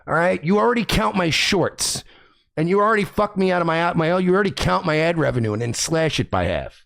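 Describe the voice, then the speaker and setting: A man hosting a livestream, talking loudly and combatively, swearing often as he rants. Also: a little high, very animated, fast talker, vocal fry. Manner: loud, profane and combative. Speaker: livestream host. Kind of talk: ranting livestream commentary. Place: home by the beach.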